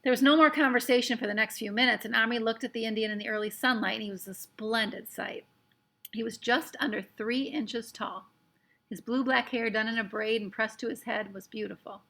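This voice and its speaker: A woman reading a children's book aloud with expressive, lively narration. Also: a little high, brisk, creaky. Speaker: storyteller.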